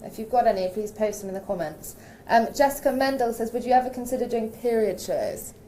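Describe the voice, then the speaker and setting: A woman's voice: fairly high pitch, lively intonation, fairly quick, warm tone, a little hiss or hum. A woman interviewing an actor, reading fan questions and teasing him playfully. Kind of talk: casual interview.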